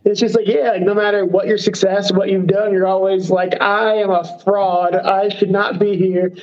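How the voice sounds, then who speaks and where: A high-pitched, slightly mellow male voice keeps a level tone at a moderate pace, though the recording is muffled. He's a professional fighter in a casual interview, rambling, leaning on lots of fillers and making fun of himself.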